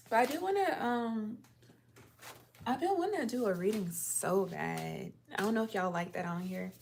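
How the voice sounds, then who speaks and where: Young woman host, laid-back slangy live chat, gravelly edge, tired. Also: on the high side, animated, measured pace, long pauses, a bit bright, a little hiss or hum. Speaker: livestream host. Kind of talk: casual livestream chat. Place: her apartment.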